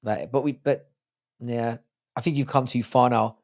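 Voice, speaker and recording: A British man with a hoarse, sore throat, hosting a livestream in casual, crude joking banter while reading out viewer comments. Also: mid-range voice, fairly even intonation, moderate pace, darkish tone. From United Kingdom. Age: adult with a child. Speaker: livestream host.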